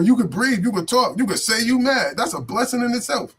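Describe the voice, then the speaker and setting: A man's voice: extremely high pitch, animated, fairly quick, fairly bright tone, breathy edge. A man in AAVE giving an unscripted motivational talk as a vlogger, preachy and repetitive, with profanity and street slang.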